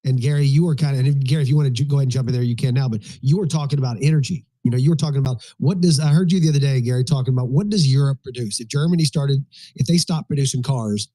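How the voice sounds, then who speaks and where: A man hosting a casual live panel talk, loose and joking, with halting restarts. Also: mid-range voice, warm tone, dry recording. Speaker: host.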